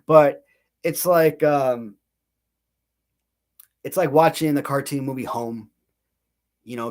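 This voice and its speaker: Slow and prone to pauses, this channel host in his thirties has a mid-range, darkish voice. On his casual livestream he wanders from story to story, laughs at himself frequently and keeps restarting his sentences.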